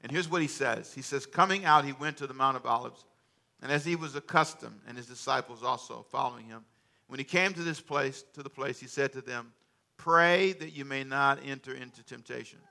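A man preaching a sermon, calling for responses from the congregation and joking with them between loud, emphatic stretches. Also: mid-range voice, fairly quick, creaky. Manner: humorous asides to the congregation. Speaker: pastor. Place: church sanctuary.

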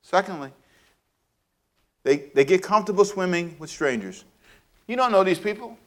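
Animated man preaching a sermon. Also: sits high, normal speed. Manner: animated, acts out scenes with sound effects and playful asides. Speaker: pastor.

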